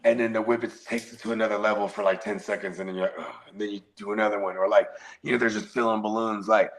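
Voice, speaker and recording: Gravelly Bay man hosting a podcast. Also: lowish voice, fairly even intonation, fast, a little hiss or hum. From San Francisco Bay Area. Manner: loose, profane, rambling with many fillers. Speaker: podcast host. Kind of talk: casual podcast chat.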